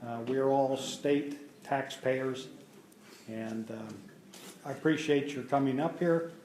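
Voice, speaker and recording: A man giving public comment at a meeting, measured and hesitant with frequent fillers. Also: mid-range voice, a little mellow, a little hiss or hum. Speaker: resident speaking at public meeting. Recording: echoey hall.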